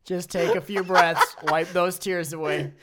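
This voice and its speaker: A man's voice: high-pitched, steady tone, measured pace, a loud crowd. A man co-hosting an improvised comedy interview, teasing the guest in a mock-soothing manner. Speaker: comedy show co-host.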